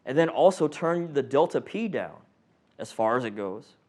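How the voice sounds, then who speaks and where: A male paramedic instructor speaks at medium pitch and a moderate pace, running a casual class with plenty of humor. He asks the room questions and performs animated patient and monitor voices.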